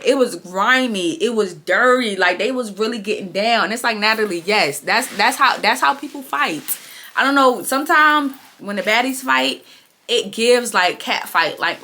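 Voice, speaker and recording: A young woman, casually recapping a reality show and acting out quotes with big pitch jumps. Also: expressive, moderate pace, bright, forceful tone, slight background noise.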